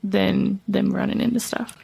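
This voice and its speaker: A woman in her forties speaks on a podcast with a gravelly, fry-edged voice at an ordinary pitch. She is a firefighter's wife and talks in an earnest, heartfelt way. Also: fairly even intonation, normal speed, mellow. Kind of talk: casual podcast conversation.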